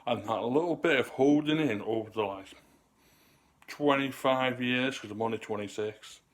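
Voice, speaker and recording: A man's voice: medium pitch, normal speed. Guy in his 30s rambling at the camera, chatty and loose, kinda out of breath. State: out of breath at times. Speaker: vlogger. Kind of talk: casual talk to camera.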